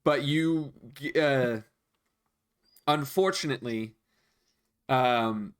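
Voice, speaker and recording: A man narrating as game master of a tabletop game, relaxed, with many pauses and ums. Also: mid-range voice, smooth.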